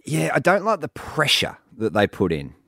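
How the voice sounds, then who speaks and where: A man's voice: mid-range voice, moderate pace, vocal fry, no echo, clean studio sound. A man with an Australian accent hosting a radio show, telling a story animatedly and acting out the other people in it. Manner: animated storytelling with acted quotes. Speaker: radio host. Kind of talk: casual radio chat. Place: radio studio.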